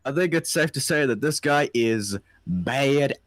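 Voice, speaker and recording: A man's voice: mid-range voice, no echo. A man co-hosting a livestream, chatting casually while reading a comic and laughing often. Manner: slow, animated, frequent laughter. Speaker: livestream co-host.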